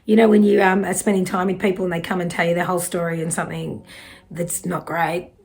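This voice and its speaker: A woman's voice: on the low side, level tone, fast, vocal fry. Chatty Australian woman giving a card reading. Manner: chatty and reassuring, swears casually. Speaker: psychic card reader. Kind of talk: casual spiritual card reading.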